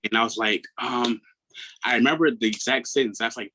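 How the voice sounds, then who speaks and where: Guy in his 30s from maryland telling his own story in an interview, earnest, goes quiet a lot. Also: mid-range voice, a little fast, rough recording. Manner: earnest, reflective, often drops to a hushed tone. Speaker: guest, mental health coach.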